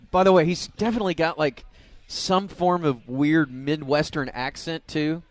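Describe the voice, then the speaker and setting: A man's voice: fairly high pitch, a little slow, no room sound. A man hosting a radio talk show, chatting casually and laughing often as he tells a story. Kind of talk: casual chat.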